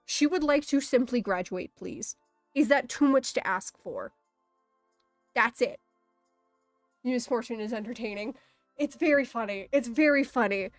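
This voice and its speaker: A woman's voice: fairly high pitch, measured pace, pauses often, dry recording, faint music behind. A young woman chatting casually while drawing, telling a story with lots of swearing and frequent laughter. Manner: profane, laughing often, storytelling. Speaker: artist streamer.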